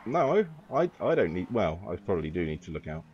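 A man's voice: sits low, quick pace, slightly rough. A man giving rambling, joking, profane commentary while playing a driving game. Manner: rambling, joking, swears freely. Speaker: gaming YouTuber. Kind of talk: casual let's-play commentary. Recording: dull lo-fi with faint hiss.

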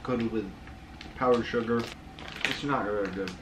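A man's voice: mid-range voice, moderate pace, roomy sound. A man with a dry, blunt, teasing manner, trying sweets in casual chat. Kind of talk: casual taste-test chat. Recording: noisy home recording.

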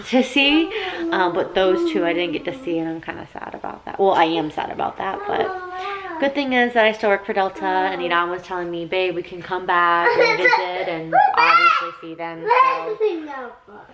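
A young woman vlogging at home at night, chatty and emotional, close to tears, with lots of "like"s. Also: medium pitch. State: teary. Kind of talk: casual nighttime vlog chat. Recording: loud background noise.

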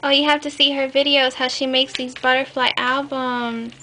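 A woman's voice: high-pitched, level tone, normal speed, bright, forceful tone. A woman chatting casually to her viewers as she opens a package, gushing and enthusiastic with frequent fillers. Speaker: crafting vlogger. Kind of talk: casual unboxing chat. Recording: clear background noise.

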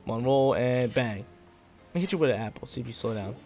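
A man's voice: medium pitch, quick pace, darkish tone, soft background music. A man giving casual, hyped gameplay commentary, talking in slang and laughing often.

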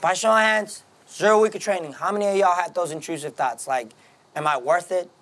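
A man teaching a military classroom lesson, brisk and commanding, often checking in with the class. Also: high voice, a bit bright. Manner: brisk, commanding, keeps asking the class "right?". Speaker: military instructor. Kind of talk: classroom lecture.

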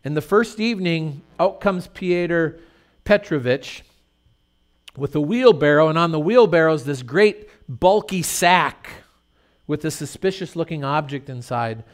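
A man's voice: on the high side, animated, unhurried. A middle-aged male pastor preaching a sermon in a conversational, storytelling way with rhetorical questions.

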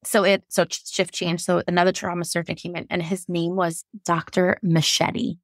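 A young woman, a nurse and podcast guest, candidly telling a personal story in a lively way, acting out what people said and laughing often. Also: on the low side, normal speed, dry recording, studio quality. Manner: lively, quotes herself, frequent laughs.

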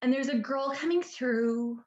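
This psychic medium has a high, slightly mellow voice and keeps a measured pace, heard through dull, reverberant audio. Originally from British Columbia, Canada, she chats through a reading on a video call, constantly saying "like" and asking "do you understand that?"

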